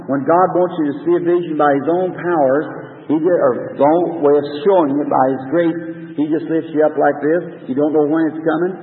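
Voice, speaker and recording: A man preaching an old-time revival sermon in a folksy, rambling, earnest way with rural grammar. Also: on the high side. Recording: tinny distant recording with long hall reverb.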